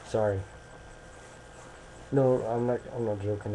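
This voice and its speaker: Slow, dark-voiced young man rambling. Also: fairly low pitch, fairly even intonation, slight background noise, low-quality recording. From Maryland, United States. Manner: rambling, self-correcting, joking. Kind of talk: casual webcam monologue. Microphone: webcam.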